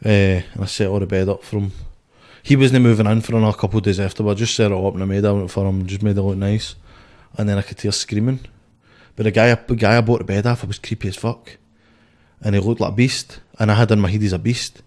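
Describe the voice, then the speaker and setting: Young Scottish boxer, low voice, loose and sweary, rambling storyteller. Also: male voice, fairly even intonation, fast talker, darkish tone. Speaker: guest, boxer. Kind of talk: casual podcast chat.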